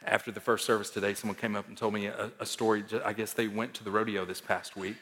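A man preaching a sermon as pastor, emphatic, swinging between loud declarations and hushed asides. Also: on the low side, level tone, fast, in a large hall.

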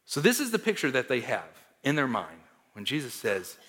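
A man preaching a sermon as pastor, emphatic, swinging between loud declarations and hushed asides. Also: mid-range voice, wildly swooping pitch, normal speed, in a large hall.

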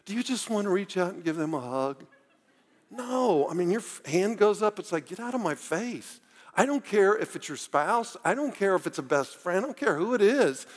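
A man's voice: high-pitched, very animated, moderate pace, long reverb tail. A man preaching a sermon as a pastor, talking earnestly and directly to his listeners, pleading with them.

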